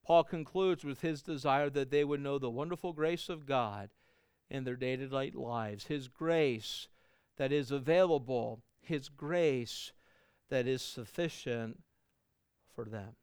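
Middle-aged man, pastor delivering a sermon; earnest, rising and falling delivery, mid pitch, clean dry close mic. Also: slow pace, clear, resonant tone, no room sound. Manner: earnest preaching, swells louder then drops to soft endings.

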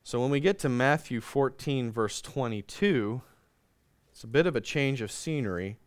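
A male pastor delivers a sermon in a smooth, resonant voice of middle pitch. He reads scripture aloud and prays earnestly. The recording is close and dry. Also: dry recording. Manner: earnest preaching, slows and drops soft in prayer; reads scripture aloud in old-fashioned wording. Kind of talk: sermon with scripture reading and prayer.

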